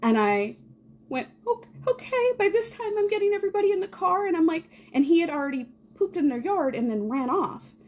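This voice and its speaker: A woman in her thirties, a podcast co-host, telling a chaotic morning story in a casual, animated way, often laughing and acting out quotes. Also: fairly quick. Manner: animated, laughing, acts out quotes in a high squeal.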